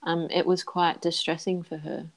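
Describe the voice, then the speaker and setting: Low-voiced, hesitant woman. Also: level tone, moderate pace, a crowd in the background. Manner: thoughtful, hesitant with many ums. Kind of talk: casual podcast conversation.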